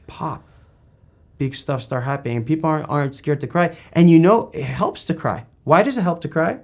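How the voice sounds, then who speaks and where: A man's voice: a little high, expressive, fairly quick, creaky, a little mellow. A man interviewing a guest in a casual talk, rambling and emphatic with many restarts.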